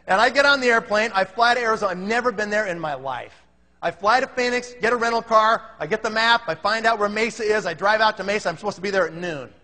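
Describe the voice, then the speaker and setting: A man telling a comic story in an animated way, acting out the other people's voices. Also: high voice. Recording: long reverb in a hall.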